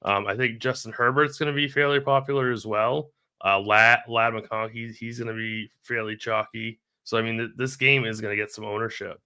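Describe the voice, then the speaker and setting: Gravelly, bright-voiced man chatting casually. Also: mid-range voice, steady tone, moderate pace, no echo. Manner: hesitant, many ums and restarts. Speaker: fantasy sports analyst. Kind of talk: casual live-stream chat.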